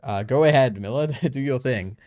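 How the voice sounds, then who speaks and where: A man's voice: mid-range voice, moderate pace, a little mellow, no room sound, clean studio sound. A young man streaming, reacting to videos in an offhand, chatty way and thinking aloud.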